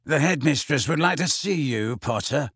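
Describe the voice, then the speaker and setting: A man's voice: on the high side, expressive, moderate pace, fairly bright tone, husky, dry recording, studio quality. A man voicing a spiteful old male caretaker who wheezes and leers as he gloats. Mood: gloating. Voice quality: wheezing, leering.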